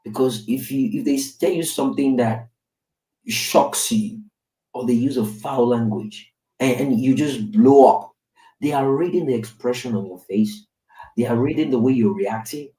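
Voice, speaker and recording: A man's voice: medium pitch, moderate pace, warm tone. A Nigerian man, a father in his thirties, telling his own story in candid podcast talk and often checking in with "right?". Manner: candid storytelling with tag questions. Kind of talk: reflective casual podcast talk. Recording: roomy, distant mic.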